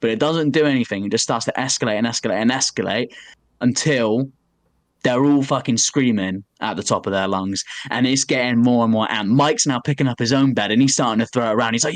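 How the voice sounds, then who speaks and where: A man's voice: mid-range voice, fast talker, no room sound. Swearing man telling a story. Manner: animated storytelling, heavy swearing, many "like" fillers. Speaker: podcast co-host. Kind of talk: casual chat.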